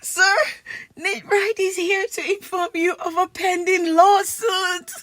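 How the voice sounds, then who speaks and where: A woman's voice: very high-pitched, little pitch movement, slow pace, a bit bright, no echo, pitched above the performer's own voice, full character voice. A woman voicing a scheming, boastful schoolboy in a read-aloud comic, bold and cheeky.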